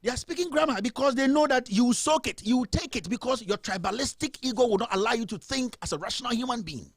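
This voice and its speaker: A man's voice: very high voice, animated, quick pace, dry recording, studio quality. A man with a Ghanaian accent ranting in impassioned, indignant political commentary as a host.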